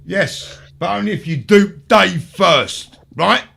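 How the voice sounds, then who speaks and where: A gravelly, husky man rants on a live stream, swearing at every turn. His voice sits high and leaps all over the place as he mocks the people he quotes. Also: expressive, takes it slowly, sharp tone. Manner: swears constantly, swings into high mocking voices. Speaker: show host.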